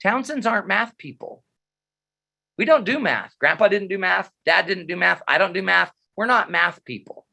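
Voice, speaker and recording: A man voicing his middle-aged mother, higher and slower, stating things flatly and resignedly. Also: vocal fry, full character voice. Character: matter-of-fact mother, middle-aged woman.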